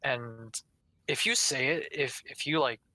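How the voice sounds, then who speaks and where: Young man, podcast co-host, bright tone, dry close sound, rambling casual chat. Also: mid-range voice, a little slow, dry recording, rough recording. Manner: rambling, filler-heavy, acts out quotes.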